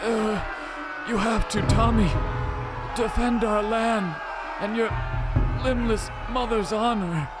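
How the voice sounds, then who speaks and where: A man doing a dying father who stammers out his last words, very slowly, with gasps between them. Loud music swells under his voice. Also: high voice, steady tone. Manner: halting, gasping. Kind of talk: comedy sketch acting.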